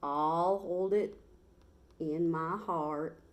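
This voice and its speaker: A storybook cowboy drawls in a slow Texas accent, voiced by a woman reading aloud. He lets out high, whooping cries of excitement between slow, easy lines. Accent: Texas drawl, put on. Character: cheerful grown cowboy man with slow drawl.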